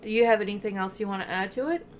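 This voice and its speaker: A woman's voice: mid-range voice, very fast. Woman podcast host ranting casually, lots of likes and you knows, curses a lot, faint hiss behind. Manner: animated, swears freely, many fillers. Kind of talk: casual chat.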